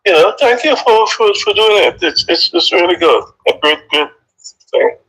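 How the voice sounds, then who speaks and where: An older man with a faded Vincentian accent calls in over a tinny phone line. His voice is fairly high and bright, and he stumbles and repeats words as he feels his way through each thought. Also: expressive, husky, soft background music. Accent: Vincentian, softened by decades in the US. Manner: halting, repeats words often, chuckles. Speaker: caller. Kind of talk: casual phone-in chat.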